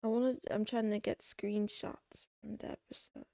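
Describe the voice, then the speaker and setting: A woman livestreamer chatting casually to her audience, rambling and excitable, tossing in meows between remarks. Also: mid-range voice, normal speed, gravelly, no echo, studio quality. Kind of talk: casual chat to a live audience.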